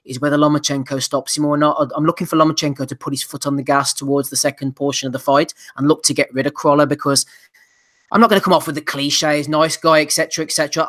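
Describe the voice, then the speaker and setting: A man hosting a live boxing podcast, brisk and teasing, running through fight cards and reading out chat messages. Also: fairly high pitch, a bit bright. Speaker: podcast host.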